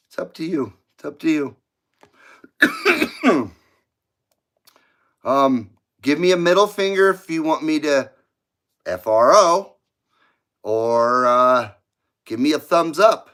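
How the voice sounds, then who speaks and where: Man, live stream host, casual rambling chat, reads comments aloud, laughs a lot, slightly high voice. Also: a bit bright. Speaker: livestream host reading viewer chat.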